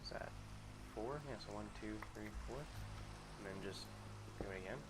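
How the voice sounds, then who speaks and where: On a very noisy recording, a man with a lowish voice at normal speed streams a game live. He keeps the talk casual, swearing plenty, joking with chat, mocking himself and muttering as he builds.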